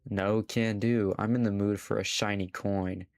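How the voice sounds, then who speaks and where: A man's voice: fairly low pitch, little pitch movement, a little slow, gravelly, no echo. A man reading aloud the lines of a vain, teasing female swamp fairy in a game. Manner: teasing, bargaining.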